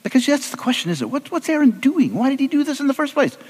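Animated, joking male preacher. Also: very high-pitched, fast talker, in a large hall. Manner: animated, humorous, conversational. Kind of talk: storytelling sermon.

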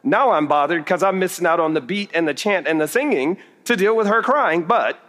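Man, middle-aged, preacher; slightly high voice, humorous storytelling, long hall reverb. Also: expressive, brisk, fairly bright tone. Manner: humorous, self-deprecating storytelling. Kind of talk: storytelling sermon.

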